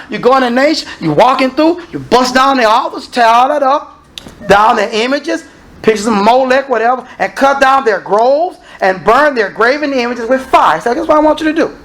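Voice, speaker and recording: Animated male preacher with lively pitch. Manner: animated preaching, swinging from low asides to shouted exclamations; calls and questions aimed at the congregation. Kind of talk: sermon.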